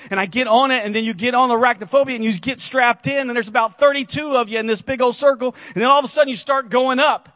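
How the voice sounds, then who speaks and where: A male pastor with a high voice preaches with earnest, conversational warmth, turning often to ask his congregation questions. The sound is dry and close, with a dull, muffled edge. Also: fast talker, few pauses, no echo. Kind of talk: sermon.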